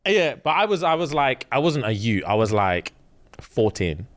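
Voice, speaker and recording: A young man co-hosting a podcast, telling animated stories with lots of swearing in casual chat. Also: mid-range voice, moderate pace. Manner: animated storytelling, swears often. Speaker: podcast co-host.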